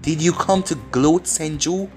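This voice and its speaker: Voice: mid-range voice, fairly even intonation, unhurried, darkish tone, faint music behind, lightly acted. A storyteller voicing a proud, stubborn young female ninja while reading fan fiction aloud, in a plain reading voice. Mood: defiant.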